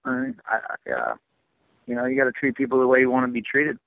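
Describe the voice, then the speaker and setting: A fighter answering press questions on a conference call, halting with lots of fillers, heard over a phone line. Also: male voice, medium pitch, wildly swooping pitch, gravelly, dry recording. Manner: halting, many fillers and restarts, dismissive. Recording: tinny dry phone line.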